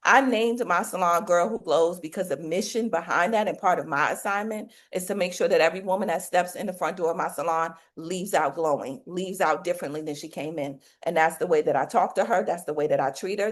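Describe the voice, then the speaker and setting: A woman's voice: lowish voice, a little fast, few pauses. Preachy woman coach, folksy faith-filled talk. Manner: preachy, faith-filled, rhetorical questions, colloquial. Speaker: business coach for hairstylists.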